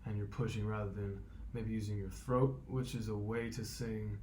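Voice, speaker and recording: A man talking through his vocal warm-up routine, explaining step by step and thinking aloud with fillers. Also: on the low side, flat delivery, moderate pace, a little hiss or hum. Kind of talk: casual instructional vlog.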